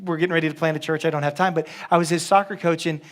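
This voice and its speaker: A man's voice: fairly high pitch, steady tone, very fast. A man preaching a casual, joking sermon as a pastor, with many restarts.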